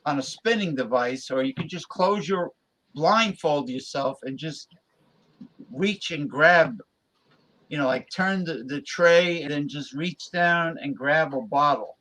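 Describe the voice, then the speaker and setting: A man co-hosting a casual chat show, excitable and playful, often repeating and restarting his words. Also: a little high, unhurried. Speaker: co-host.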